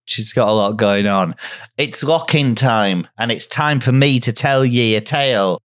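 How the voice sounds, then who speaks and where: A man's voice: medium pitch, measured pace, no echo, studio quality, natural voice. A man improvising as a chatty, teasing medieval tavern landlord welcoming travellers, in a comedy podcast. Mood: storytelling. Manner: rambling, jokey, teasing guests.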